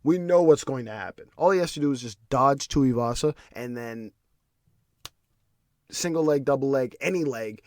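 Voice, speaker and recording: A man's voice: mid-range voice, moderate pace, darkish tone, no echo. A man hosting a podcast, ranting in casual solo commentary with restarts and repeated words. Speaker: podcast host.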